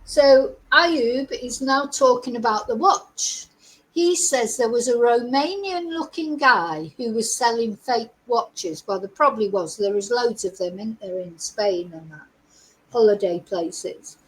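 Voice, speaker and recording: Middle-aged woman, high voice, unhurried, opinionated livestream host. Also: lively intonation, a little hiss or hum, rough recording. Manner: opinionated, asks the audience lots of rhetorical questions. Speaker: true crime channel host. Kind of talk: livestream commentary to viewers.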